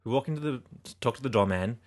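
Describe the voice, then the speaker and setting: A man's voice: medium pitch, quick pace. A young man with an Australian accent gone a little American, co-hosting a casual podcast and telling stories. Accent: Australian, turned a little American. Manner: chatty storyteller, acts out quoted lines. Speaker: podcast co-host. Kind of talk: casual chat.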